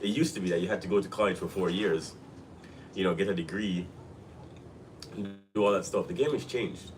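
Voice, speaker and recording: Low-voiced, slightly sick man streaming live. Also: a little fast, faint music behind, low-quality recording. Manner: loose, rambling, repeats himself. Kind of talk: casual live-stream chat.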